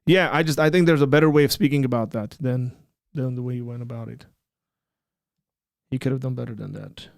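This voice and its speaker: An apologetics show host leads a livestream discussion, explaining things patiently but turning blunt and emphatic when rebutting an argument. His mid-range voice moves fairly quickly with some vocal fry, captured in a dry, clean studio recording.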